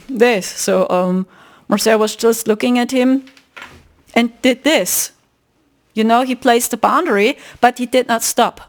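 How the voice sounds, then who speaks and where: A woman's voice: fairly high pitch, measured pace. A woman hosting a spiritual podcast, telling a story in a casual, emphatic way. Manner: animated, emphatic, retelling a story. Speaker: podcast host.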